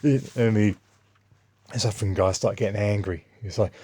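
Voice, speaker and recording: Un hombre con acento inglés que cuenta historias en un vlog, de forma dispersa y con tono de agravio. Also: male voice, lowish voice, steady tone, normal speed, dark tone, husky. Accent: English. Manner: rambling, aggrieved, restarts often. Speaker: vlogger. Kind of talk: casual spoken monologue, storytelling.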